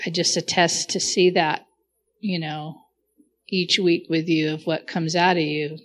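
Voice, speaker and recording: Woman talking slow and soft, low flat voice, reverent heartfelt praise. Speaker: participant in an online faith group. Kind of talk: heartfelt spoken tribute.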